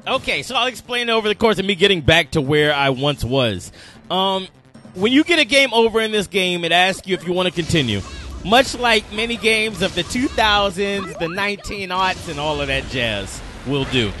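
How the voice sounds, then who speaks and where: Bright high-voiced man playing a game. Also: expressive, normal speed, soft background music. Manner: swears and scolds the game's enemies; rambling, self-repeating explanations. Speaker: let's play host. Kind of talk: game commentary.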